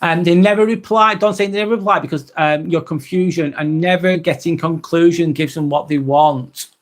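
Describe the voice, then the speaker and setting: On a live vlog, a man with a higher-leaning voice talks at normal speed, keeping it casual while reading out comments from his audience. There are frequent ums and some relaxed swearing in his chatty delivery.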